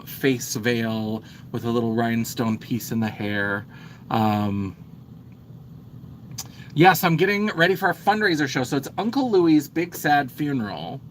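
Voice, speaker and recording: A man at an ordinary middle pitch talks casually to his livestream viewers while he does his makeup. He rambles, leans on "like" and "um," and keeps drifting off mid-sentence as his attention goes to his hands. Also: a little hiss or hum. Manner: rambling and chatty, full of "like" and "um"; talks while busy with makeup, pausing and trailing off. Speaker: drag performer getting ready for a show.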